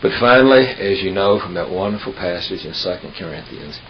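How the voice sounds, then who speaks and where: Deep-voiced man preaching in storytelling fashion. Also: expressive. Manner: folksy storyteller, unhurried with emphatic pauses. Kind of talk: sermon with humorous storytelling. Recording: dull lo-fi tape with hiss.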